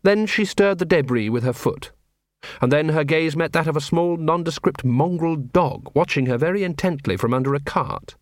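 A man narrating an audiobook in a wry, expressive storytelling manner. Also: fairly high pitch, moderate pace, no room sound, clean studio sound. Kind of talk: scripted narration.

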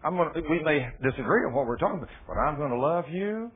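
A man's voice: fairly high pitch, expressive, fast. A man preaching a sermon in a folksy, storytelling way with plain dialect grammar. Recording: tinny phone-like radio broadcast.

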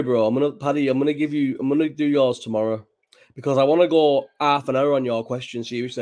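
A man's voice: mid-range voice, a little mellow. Man, live-chat host, rambling, casual, swears a lot. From Bolton, England. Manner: rambling and chatty, swears freely. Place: at home at night, child nearby.

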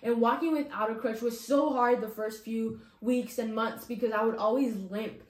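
A woman's voice: fairly high pitch, fairly even intonation, moderate pace. A young woman sharing a personal faith testimony, earnest and casual, full of "like" and "you know.". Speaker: testimony speaker. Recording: echoey room.

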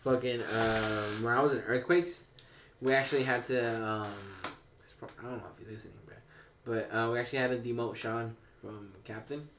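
A man's voice: medium pitch, steady tone, brisk, a bit bright, recorded from a distance. Laid-back young man, off-mic and roomy. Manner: loose, profane, laid-back banter. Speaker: podcast co-host. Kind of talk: casual chat. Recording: echoey room, a bit off-mic, faint noise.

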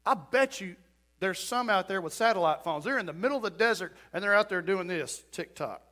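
A man's voice: high-pitched, animated, brisk, sharp tone. A middle-aged male pastor preaching a storytelling sermon in a church, acting out quotes and building to emphatic points.

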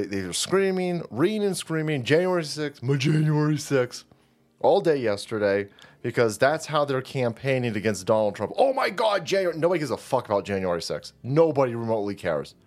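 A man hosting a commentary show, delivering a foul-mouthed, mocking political rant. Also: medium pitch.

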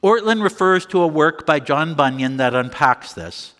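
A man preaching a sermon with slow, deliberate phrasing and emphatic pauses. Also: fairly high pitch, animated, fairly bright tone, long reverb tail. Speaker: pastor.

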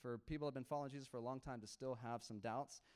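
A young adult man, a pastor, telling a story in a sermon in a casual, animated way with laughs and quoted dialogue. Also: medium pitch, rapid-fire.

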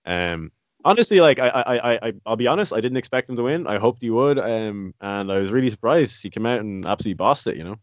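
A man's voice: mid-range voice, lively intonation, fast talker, no echo. A man chatting casually about fights, rambling with many restarts and "you know". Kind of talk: casual chat. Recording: dry, slightly dull lo-fi sound.

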